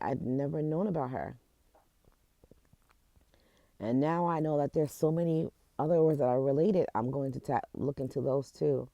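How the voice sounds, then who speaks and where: A woman in a casual vlog, retelling a story in an emotional, halting way, close to tears, with many restarts. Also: deep voice, gravelly, warm tone, no echo. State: teary, close to crying. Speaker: vlogger. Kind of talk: casual chat.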